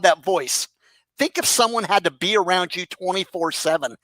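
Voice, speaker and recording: A commentary YouTuber with a high, sharp-toned male voice delivers a profane roast rant, recorded with no room sound. He mocks another online personality sarcastically, swearing throughout.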